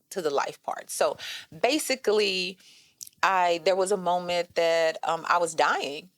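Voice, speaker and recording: A woman in her thirties recounts her own story in a candid, animated podcast chat. Her voice sits on the low side and the recording is dry and close. She leans in with casual asides to her listeners. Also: no room sound. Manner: animated storytelling, addresses listeners as "y'all" and "girl". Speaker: guest. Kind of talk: personal storytelling in a podcast conversation.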